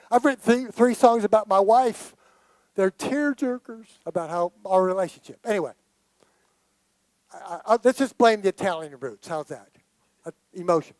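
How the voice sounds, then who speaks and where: A man's voice: high-pitched, a little mellow, dry recording, poor audio. A man in his late sixties telling an earnest, emotional personal story to a gathering, speaking straight to the audience. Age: late 60s. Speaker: guest speaker. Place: hall of a gathering.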